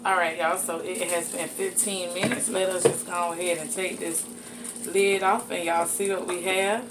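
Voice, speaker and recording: A woman's voice: on the low side, level tone, moderate pace. A woman hosting a cooking show, chatty and folksy as she talks viewers through a recipe in her home kitchen. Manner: folksy, chatty, addresses viewers as y'all and honey. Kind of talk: casual cooking demonstration. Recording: audible background noise.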